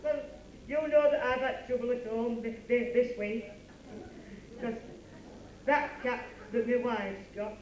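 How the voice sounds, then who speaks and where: A sniveling, stammering grown man in boxing gloves, as a comic acts him out pipes up in a high, whiny voice. The sound comes from a distant mic in an echoey working men's club. A live audience can be heard in the room. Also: fairly even intonation, a little slow, pauses often. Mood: tearful. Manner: stammering, sobbing complaints. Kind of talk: live club comedy double act. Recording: echoey club recording from far off.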